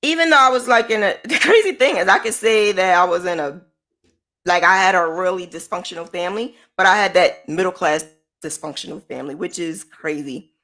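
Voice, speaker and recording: A woman giving a candid motivational talk to camera as a business mentor, speaking in an emphatic, conversational way with lively swings in pitch. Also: fairly quick. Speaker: small business owner and mentor.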